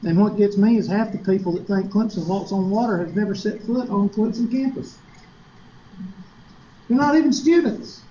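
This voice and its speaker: Chatty and joking, this Upstate South Carolina math professor with a Southern accent throws rhetorical questions at his class. His high-sitting voice moves at a moderate pace and sounds mellow, and the recording has its highs cut off plus a little hiss or hum.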